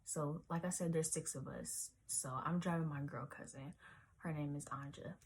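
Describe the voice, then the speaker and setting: A woman's voice: low-pitched, fairly even intonation, normal speed, vocal fry, darkish tone, slight background noise. A woman in her twenties telling a rambling storytime vlog story, full of "like" and "um", sometimes dropping to a whisper. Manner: rambling, lots of "like" and "um", drops to whispers. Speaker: vlogger.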